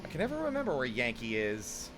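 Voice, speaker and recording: A man streaming a game, chatting casually and answering his chat in an animated way. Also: mid-range voice, quick pace. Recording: clear background noise.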